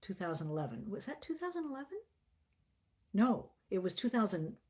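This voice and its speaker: A middle-aged woman leads songs over a video call, reading a poem and teaching a song in a slow, gentle, reflective manner. Her mid-range voice is sing-song and slightly rough.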